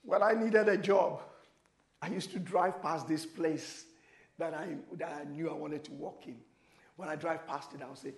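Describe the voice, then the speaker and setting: High-voiced man preaching in an echoey hall. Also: normal speed. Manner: preaching with sudden shouted prayers and dramatic voicing of quotes; switches between loud exclamations and quiet, intimate asides. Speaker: pastor. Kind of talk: sermon.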